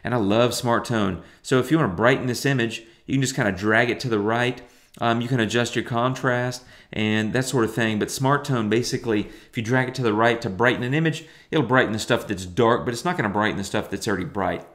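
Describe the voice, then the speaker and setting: A man's voice: medium pitch, quick pace, fairly bright tone. A middle-aged man teaching photo editing in a chatty, enthusiastic way, full of fillers. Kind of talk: casual software tutorial.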